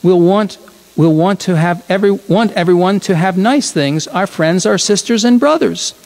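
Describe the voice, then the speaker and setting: A man voicing a gentle, cheerful father in a children's storybook, reading in a warm, reassuring manner. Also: sits high, moderate pace, creaky. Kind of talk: storybook read-aloud.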